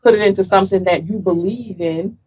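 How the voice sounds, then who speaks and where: A grandmother in her sixties, sassy and quick with comebacks in a casual family chat. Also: mid-range voice, dark tone, slightly rough, rough recording. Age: 60s.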